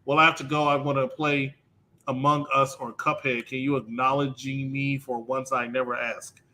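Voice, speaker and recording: Deadpan man with a bright voice. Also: mid-range voice, normal speed. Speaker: podcast co-host. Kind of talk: casual chat.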